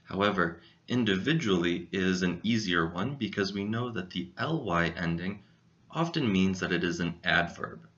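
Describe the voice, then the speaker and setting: A low-voiced man gives a scripted English vocabulary lesson, his pitch rising and falling in a lively way. He speaks clearly and carefully, sounding out syllables. The audio is a bit dull and lo-fi. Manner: clear, deliberate, enunciates syllables. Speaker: English teacher.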